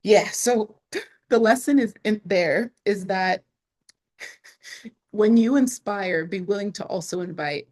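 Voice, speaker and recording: A woman's voice: mid-range voice, takes it slowly, pauses often, darkish tone. A woman speaking to camera in a casual vlog about her online business, chatty, with frequent laughs and restarts.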